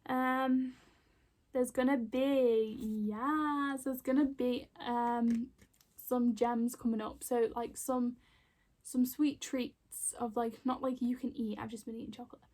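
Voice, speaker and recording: A woman's voice: a little high, fairly even intonation, takes it slowly, darkish tone. A woman giving a casual spiritual card reading, rambling with lots of fillers and heartfelt emotion. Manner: rambling, full of fillers and restarts. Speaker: intuitive card reader. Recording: voice a bit far from the mic.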